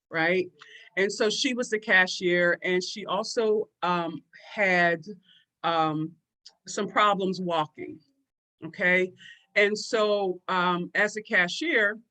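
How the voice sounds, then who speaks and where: A university staff member sharing a personal anecdote, hesitant with frequent pauses. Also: medium pitch, pushed and bright. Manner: hesitant, many pauses and fillers.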